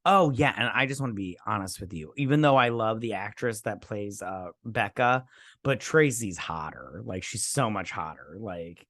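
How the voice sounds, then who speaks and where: Rambling, animated man co-hosting a boozy review. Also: lowish voice, normal speed, dry recording, clean studio sound. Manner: rambling, profane, acts out quotes in raised voices. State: drinking while talking. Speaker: podcast co-host. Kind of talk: casual movie review chat.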